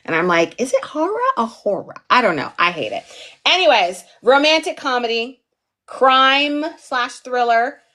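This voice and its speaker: A woman's voice: on the high side, expressive, normal speed, sharp tone. Chatty playful woman teaching a live class. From US East Coast. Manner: chatty, playful, digressive, lots of "like" and "okay?". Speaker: online TV pitching instructor. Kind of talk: casual livestream lesson.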